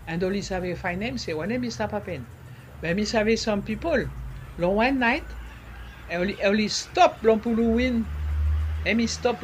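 A man talks in a casual interview, slipping in French words and pausing to find the right ones. His voice sits high, and a faint noise hums behind him. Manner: searching for words, many fillers. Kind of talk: casual conversation.

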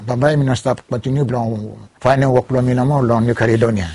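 A man with a Ni-Vanuatu Bislama accent recounting his life story in an interview, halting and slipping between Bislama, English and French. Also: medium pitch, steady tone, darkish tone, slightly rough, no echo.

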